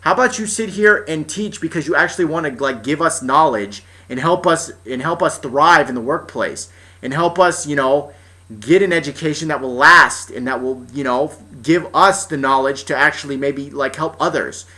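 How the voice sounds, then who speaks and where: A man's voice: fairly high pitch, moderate pace, pushed and bright. A young man telling a personal story as an exasperated, profane rant, often restarting his sentences. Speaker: vlogger.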